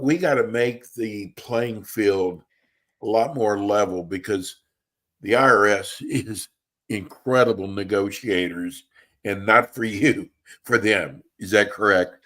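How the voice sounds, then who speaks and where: This radio host sounds fairly low-pitched yet a bit bright as he chats in a homespun way on a live talk show, occasionally drifting off his point. He's heard over a remote call with a bad connection.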